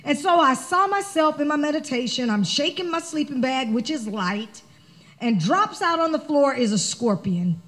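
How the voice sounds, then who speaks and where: A woman spiritual director preaching a sermon, telling a personal story in an animated, conversational way. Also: high-pitched, moderate pace.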